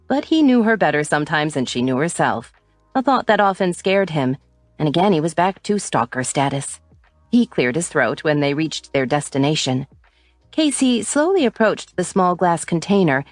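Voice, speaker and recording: A woman reading a romance audiobook as its narrator, giving the characters light shifts in pitch. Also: no echo.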